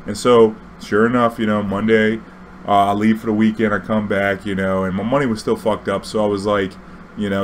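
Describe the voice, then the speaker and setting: Young guy w a lowish voice swearing thru a story, faint room hum behind. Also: a little fast. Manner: profane, animated, acts out dialogue. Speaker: streamer telling a story. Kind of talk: casual storytelling.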